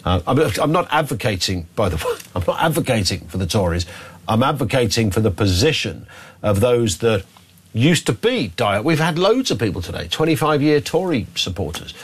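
A man hosting a radio phone-in, chatty and animated, laughing often as he talks with callers. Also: mid-range voice, moderate pace, husky. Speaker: radio talk show host.

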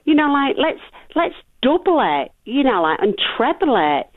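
A woman's voice: high voice, very animated, moderate pace, dry recording. An older woman calling in to a radio phone-in, indignant and often saying "you know, like". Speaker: caller. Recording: dry tinny phone line.

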